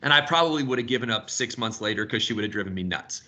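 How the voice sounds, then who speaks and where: A man in his fifties leading a sales team video call, telling stories in an animated way and swearing casually. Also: lowish voice, fast talker. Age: 50s.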